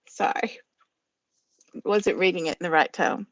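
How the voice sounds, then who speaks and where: A woman's voice: medium pitch, unhurried, long pauses, no echo. A woman hosting a live poetry stream, talking in a chatty, rambling way as she explains the rules. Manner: chatty, rambling, laughs easily. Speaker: poetry reading host. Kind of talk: livestream hosting and poetry reading.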